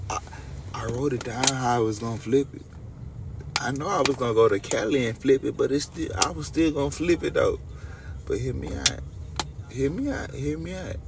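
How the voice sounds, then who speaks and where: A young man with a gravelly, creaky voice, talking straight to his viewers during a late-night livestream. He tells his stories in a loose, rambling way. The sound comes from a phone set a little way off, with a faint hum behind him. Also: medium pitch, distant mic. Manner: loose, storytelling, talks straight to chat.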